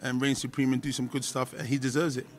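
A man appears as a guest in a casual interview, speaking quickly in a mid-range voice with a level tone. He keeps starting with "listen," restarts his sentences often, and laughs easily.

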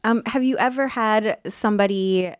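A woman's voice: mid-range voice, normal speed, no room sound, clean studio sound. A woman co-hosting a casual podcast, leading the segments and laughing easily. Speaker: podcast co-host.

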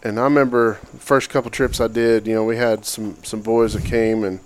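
A man who leads a youth outdoors program, telling a long story in a relaxed, rambling way with lots of fillers. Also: on the low side, a little fast. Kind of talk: casual storytelling chat.

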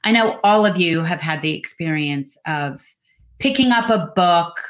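A woman's voice: lowish voice, fairly bright tone. A woman, an author talking through her book thoughtfully on a podcast. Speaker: author and co-host. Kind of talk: casual podcast chat.

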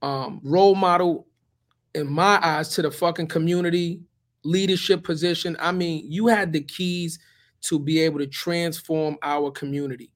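A man co-hosting a podcast, telling a story in a heated, profane, animated way. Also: fairly high pitch, moderate pace. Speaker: podcast co-host. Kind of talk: casual podcast conversation.

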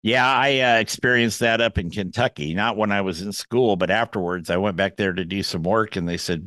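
A man hosting a podcast, chatty and quick to laugh while asking friendly questions. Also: lowish voice, fairly bright tone, no room sound. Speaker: podcast host. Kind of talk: casual podcast interview.

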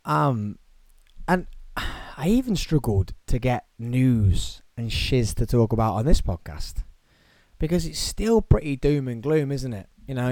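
A man hosting a podcast alone in his studio, talking excitedly and rambling. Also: medium pitch, no echo. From United Kingdom. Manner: excitable, rambling, self-mocking. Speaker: podcast host. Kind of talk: solo podcast monologue.

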